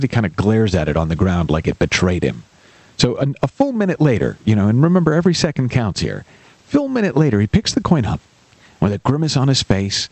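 A man's voice: lowish voice, a little mellow, slightly rough, dry recording. A man hosting a radio coaching show, telling a story in an emphatic, storytelling manner and acting out the characters in it. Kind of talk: radio call-in show monologue.

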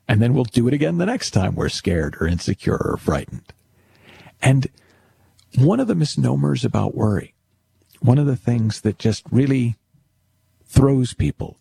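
Male speaker, husky low voice, lively delivery, tells jokes in a talk. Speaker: speaker on worry and thinking. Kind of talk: storytelling talk.

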